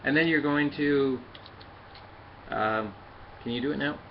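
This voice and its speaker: A man talks through a hands-on toy review in a mid-pitched voice, pausing often with fillers as he works the parts. The recording sounds a little dull and lo-fi, with a faint hiss underneath. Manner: halting, many fillers, talks while handling the toy. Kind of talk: casual hands-on review and demonstration.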